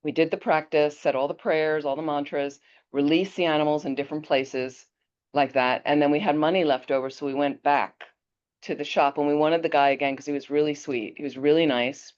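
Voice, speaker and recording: Woman Buddhist teacher, deep voice, lively storyteller, muffled lo-fi audio. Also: brisk. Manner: animated storyteller, chatty with restarts. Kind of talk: teaching talk with personal anecdote. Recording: dull lo-fi audio.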